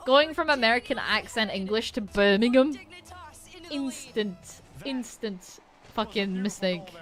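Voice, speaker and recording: A woman's voice: a little high, a bit bright. Polish-accented woman streamer, chatty. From Poland. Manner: chatty, swears casually, frequent restarts. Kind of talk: casual chat while gaming on stream.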